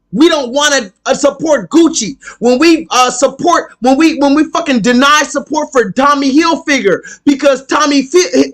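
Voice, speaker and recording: A man with a strikingly high-pitched voice holds forth on a live stream. He rants with heat and plenty of swearing, hammering his points again and again. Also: fairly bright tone. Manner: heated, profane, emphatic, repeats himself. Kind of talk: ranting live stream monologue.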